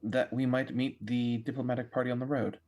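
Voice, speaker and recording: Man, tabletop player, calm, measured tone. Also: medium pitch. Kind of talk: tabletop game chat.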